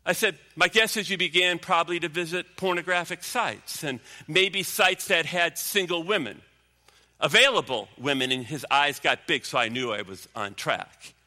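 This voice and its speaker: A man preaching a sermon as pastor, emphatic, sinking low and quiet for stories. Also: moderate pace, long reverb tail. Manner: emphatic preaching, drops low and quiet when telling a story.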